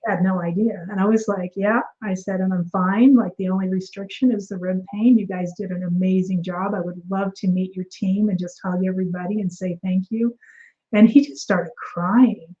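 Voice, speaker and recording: A woman with a warm, mellow voice tells her story as a guest in a casual interview. She talks in an animated way, acts out what other people said, and fills her sentences with ums and restarts. The audio is a little dull and muffled. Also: mid-range voice, normal speed. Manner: animated, acts out quoted dialogue, frequent fillers and restarts.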